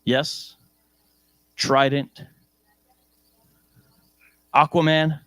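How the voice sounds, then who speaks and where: A male preacher with an American accent giving a lively sermon in church, joking and asking the congregation questions. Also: a little high, very slow, no room sound.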